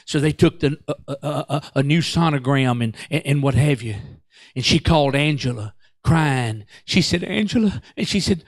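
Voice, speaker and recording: A male pastor, telling a story in an excitable, stammering sermon that breaks into song. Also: a little high, normal speed, dry recording, studio quality.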